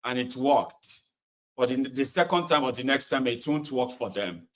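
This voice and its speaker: A man's voice: mid-range voice, moderate pace. A man from Nigeria, hosting a call-in political show and taking callers, impassioned and repeating phrases for emphasis.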